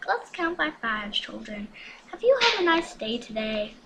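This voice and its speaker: A woman putting on a cheerful childlike furry monster puppet voice, high and sing-song, talking to children. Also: very animated, moderate pace, over a noisy crowd. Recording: noisy home recording.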